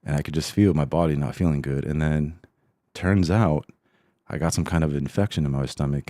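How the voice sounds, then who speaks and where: A man's voice: very deep voice, brisk, dark tone, no echo, studio quality. A man hosting a solo podcast, chatting in a rambling, laid-back, self-deprecating way. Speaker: podcast host. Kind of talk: casual solo podcast chat.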